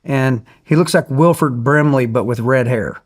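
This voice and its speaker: A man guest telling a story in casual conversation, animated and acting out the people he quotes. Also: mid-range voice, normal speed. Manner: animated, acts out quoted voices.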